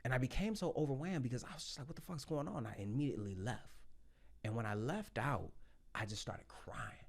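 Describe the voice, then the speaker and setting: A man in his thirties telling his story as a podcast guest, blunt and profane, loud when excited and quiet when reflective. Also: mid-range voice, fairly quick, vocal fry. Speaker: podcast guest, Marine sergeant. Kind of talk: casual storytelling.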